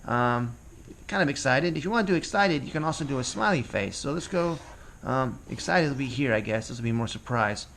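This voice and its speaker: A cartooning instructor with a medium-pitched, vocal-fry voice talks fairly quickly over a faint hiss or hum. His drawing lesson is casual and chatty, with him thinking aloud as he works.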